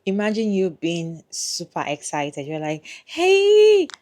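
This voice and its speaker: This is a woman hosting an online reaction video. Her voice sits low and sounds warm and relaxed. She talks in an emphatic, opinionated way and questions the viewers directly. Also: normal speed. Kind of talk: opinionated commentary.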